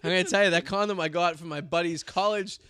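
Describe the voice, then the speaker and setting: A man's voice: sits high, fairly even intonation, fast talker, pushed and bright, smooth, dry recording, clean studio sound. A man in his thirties hosting a podcast, telling crude jokes and stories with frequent laughs. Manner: crude, joking storyteller, laughs often. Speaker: podcast host. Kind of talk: casual podcast banter.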